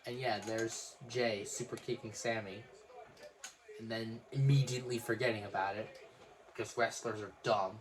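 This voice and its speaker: A man calling a wrestling match live with a friend, in quick, excitable play-by-play and dry jokes. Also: on the low side, crowd noise. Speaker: wrestling watch-along host. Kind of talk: casual live reaction commentary.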